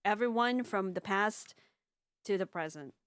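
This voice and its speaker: A woman's voice: mid-range voice, unhurried, clean tone, no room sound, studio quality. A young woman leading a voice-dubbing group, thanking her team in casual, rambling chat with many restarts. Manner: effusive, grateful, rambling with restarts.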